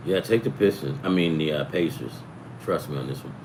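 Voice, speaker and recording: A man's voice: rumbling low, brisk, darkish tone, slight background noise, rough recording. A middle-aged man hosting a sports betting talk, rambling and profane, jumping from topic to topic. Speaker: sports betting show host. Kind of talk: rambling casual chat.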